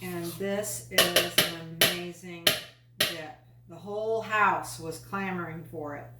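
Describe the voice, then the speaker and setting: Cooking host, woman, unhurried and chatty, enthusiastic home cook, recorded a bit far from the mic in an echoey kitchen. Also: fairly low pitch, steady tone, very noisy. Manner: chatty, enthusiastic, folksy asides. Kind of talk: casual cooking demonstration. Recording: echoey room, mic at a distance.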